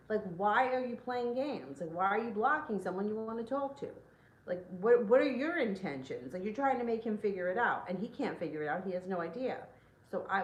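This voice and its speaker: A woman tarot reader chats casually on a livestream, dropping "like" all over and swearing freely. Her voice sits in a middle range, and it bounces around a roomy space. A faint ambient hum sits underneath. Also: mid-range voice. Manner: chatty, peppered with "like", frank swearing.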